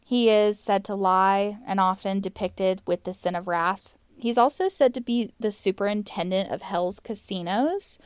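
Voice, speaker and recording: A young woman talks casually on a podcast, tossing in wry, amused asides. Her voice is smooth and clear, at a middle pitch. The sound is dry and close to the mic. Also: moderate pace, few pauses, no echo. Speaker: podcast host. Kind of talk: casual chat about demon lore.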